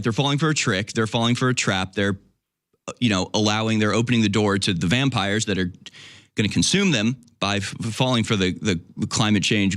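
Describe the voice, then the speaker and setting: A man hosting a call-in radio show, wry and quick to laugh. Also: lowish voice, a bit bright, no echo, studio quality.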